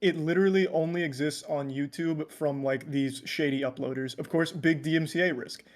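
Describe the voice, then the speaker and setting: A man's voice: a little high, steady tone, moderate pace. A man streamer on a call, chatting casually and giving blunt, joking opinions. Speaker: guest streamer. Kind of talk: casual chat.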